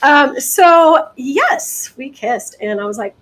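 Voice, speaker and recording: A woman from the American Deep South, a guest hypnotist telling stories in a casual interview, chatty and quick to laugh. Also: poor audio. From Deep South, United States. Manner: chatty, laughs often, lively asides.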